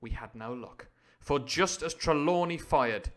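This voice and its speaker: A man's voice: on the high side, a little slow, a bit bright. A man reading a classic adventure novel on a live stream, breaking off often for playful, irreverent explanations. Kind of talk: book reading with chatty asides.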